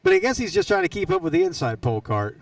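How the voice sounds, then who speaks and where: Man calling kart races, gravelly, lively pitch, dry distant mic, folksy jokester. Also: fast, no echo. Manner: joking, folksy, teasing drivers. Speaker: race announcer. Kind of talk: live race commentary. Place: racetrack announcer stand.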